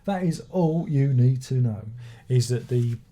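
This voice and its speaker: A man's voice: mid-range voice, expressive, measured pace, warm tone. A man giving a rambling, sardonic album review, swearing and restarting his sentences as he goes. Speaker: music reviewer. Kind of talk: casual spoken album review.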